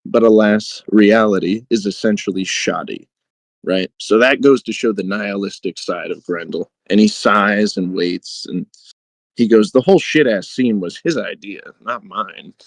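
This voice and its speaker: A man's voice: on the low side, normal speed, dry recording, low-quality recording. A man co-hosting a podcast, chatting casually with many fillers and reading book passages aloud with light dramatic emphasis. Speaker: podcast co-host.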